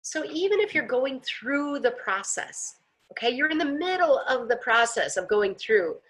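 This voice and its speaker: Animated woman teaching in casual talk. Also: high-pitched, moderate pace. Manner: earnest, animated, acts out quotes, laughs often. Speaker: personal growth teacher. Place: home, pool outside her patio.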